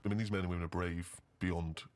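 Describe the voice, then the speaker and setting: A man's voice: deep voice, steady tone, fast, darkish tone. A man co-hosting a casual chat, quizzing with incredulous questions. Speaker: show host.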